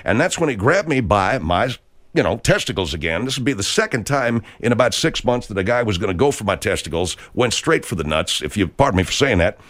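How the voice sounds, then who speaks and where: A man's voice: fairly low pitch, very animated, a little fast, fairly bright tone. A man from Arkansas with an Arkansas accent hosts a country show, telling a rambling comic story in a folksy way, full of filler words. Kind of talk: comedic rambling monologue.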